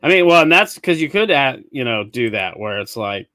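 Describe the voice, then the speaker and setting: A man's voice: medium pitch, sing-song, normal speed, bright, forceful tone, no room sound. A man hosting a live comedy podcast, easygoing, reading audience comments aloud and laughing often. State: clearing his throat. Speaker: podcast host. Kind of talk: casual live-show chat.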